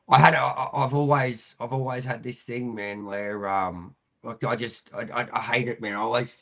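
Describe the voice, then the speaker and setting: An Australian man in his thirties, guest on an interview, speaks at an ordinary middle pitch. He rambles loosely, leans on "um" and "mate", and swears casually as he talks. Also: a bit bright, low-quality recording. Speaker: interview guest, army veteran.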